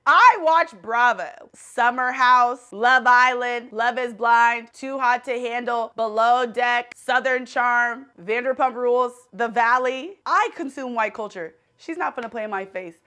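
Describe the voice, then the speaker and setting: A woman hosting her own show, talking in a casual, animated, exclamatory and slangy way. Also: on the high side, a little slow, hardly any pauses. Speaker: show host. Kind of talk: casual chat guessing celebrities.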